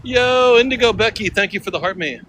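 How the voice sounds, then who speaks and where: A man from California with a bright, forceful voice chats in a relaxed, slangy way while he streams from his phone. Faint street and traffic noise sits under him outdoors. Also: sits high, brisk. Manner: chatty, laid-back, slangy. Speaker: livestreaming vlogger. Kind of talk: casual livestream chat. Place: outdoors in a city at night, on the street and a ferry.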